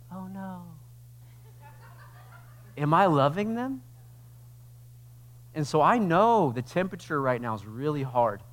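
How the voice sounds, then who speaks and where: Male pastor, mid-pitched voice, talky sermon delivery that climbs into loud, slowed passages. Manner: conversational preaching that swells into loud, slow emphatic passages. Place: church sanctuary.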